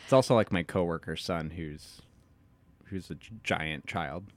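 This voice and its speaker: A man's voice: deep voice, unhurried. A man co-hosting a podcast, reading a book summary aloud and cracking sarcastic jokes. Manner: joking, animated, sarcastic asides. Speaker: podcast co-host. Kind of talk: casual chat and summary reading.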